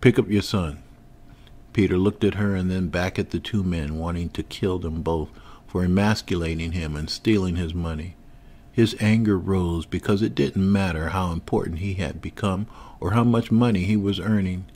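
Male storyteller, grave and measured, husky, dark-toned. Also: low voice, steady tone. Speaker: author and narrator. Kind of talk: scripted audiobook narration.

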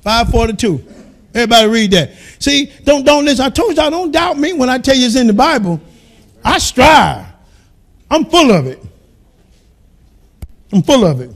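High-pitched gravelly preacher man. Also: very animated, normal speed, pauses often. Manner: call-and-response preaching, swings from soft storytelling to shouting. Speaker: pastor. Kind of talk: sermon.

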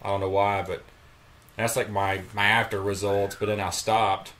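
A man's voice: lowish voice, level tone, moderate pace, fairly bright tone. A man chatting as a guest, rambling with many restarts. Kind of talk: casual chat.

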